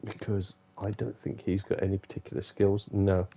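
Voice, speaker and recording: Gravelly man chatting over gameplay. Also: deep voice, little pitch movement, moderate pace, dark tone. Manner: chatty, self-mocking, laughs often, mutters to himself. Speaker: gaming streamer. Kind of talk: casual live gameplay commentary.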